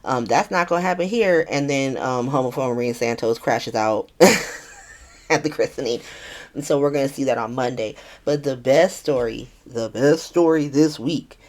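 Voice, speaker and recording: Casual podcast host, woman, low voice, chatty and profane, slips into character voices for quotes. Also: normal speed, a little mellow. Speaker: podcast host recapping a soap opera. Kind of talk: casual recap chat.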